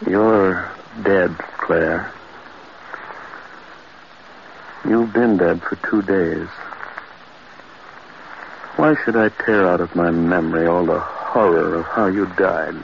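A haunted man who swings wildly from hushed dread to anguished shouts, drawling out each word slowly. The old radio drama sounds muffled and dull, with a steady hiss underneath. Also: mid-range voice. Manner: anguished, shouting and breaking into cries. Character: man haunted by a horror, frantic and grieving. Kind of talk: 1940s radio acting.

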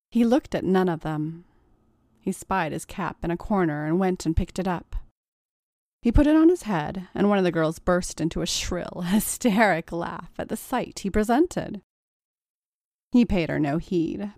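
A woman narrating a story in a measured, deliberate reading voice. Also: fairly low pitch, darkish tone, no room sound, studio quality. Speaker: story reader. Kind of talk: audiobook narration of erotic fiction.

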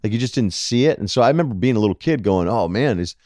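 Low-voiced guy on a sports pod, super animated, dry studio sound. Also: fast talker, no echo. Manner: animated storyteller, acts out quotes. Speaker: podcast guest. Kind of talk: casual sports chat.

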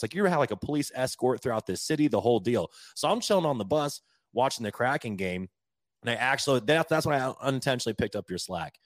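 Young man, podcast co-host, animated storyteller, dry close sound. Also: medium pitch, dry recording. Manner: animated, laughing, swears casually. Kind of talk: casual storytelling chat.

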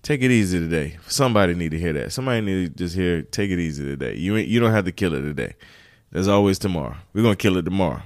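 Deep-voiced laid-back podcast man. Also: animated, very fast, darkish tone, dry recording, studio quality. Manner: laid-back, slangy, fillers like "man, you know". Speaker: podcast host. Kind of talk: casual solo podcast chat.

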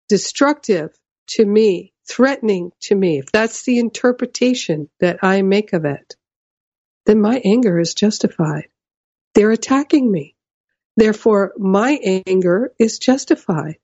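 Woman teaching spiritual stuff real slow, keeps asking "right?", dry dull-ish sound. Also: mid-range voice, a little mellow, no echo. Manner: measured, explanatory, often tags "right?".

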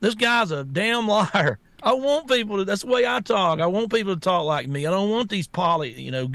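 Speaking at a moderate pace in a high-sitting voice with no echo, this political talk show co-host delivers blunt, animated rants, constantly stopping and starting again.

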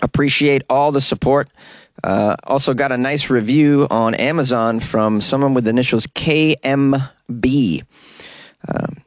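A man hosts his comedy podcast from a tiny closet studio, talking off the cuff and joking. His voice leaps up high when he hits a punchline. The sound is dry and close, with no room around it. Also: a little slow, no room sound. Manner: jokey, animated, voice often jumps high for punchlines. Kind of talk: casual improvised monologue.

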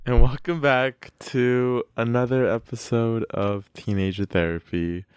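A young man hosting a casual podcast, expressive and rambling, laughing often. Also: medium pitch, measured pace, clean tone, no echo, studio quality. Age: young adult. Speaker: podcast host.

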